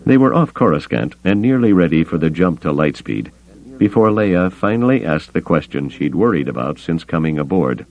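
Deep-voiced male audiobook narrator. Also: moderate pace, highs cut off. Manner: expressive, storytelling. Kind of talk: scripted narration.

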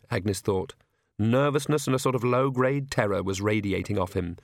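A man reading a story aloud in even, wry narration. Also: on the low side, normal speed, dry recording, clean studio sound. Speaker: audiobook narrator. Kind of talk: scripted narration.

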